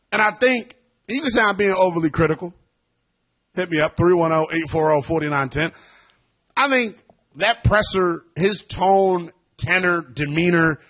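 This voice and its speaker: A man hosting a sports talk radio show, talking in an animated, emphatic way that gets loud at times. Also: on the high side, slightly rough.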